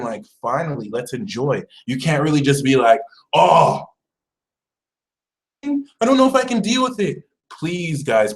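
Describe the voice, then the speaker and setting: A man hosting a casual astrology live stream, talking in a chatty, animated way and putting on mock voices. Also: medium pitch, rough recording. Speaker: astrology channel host.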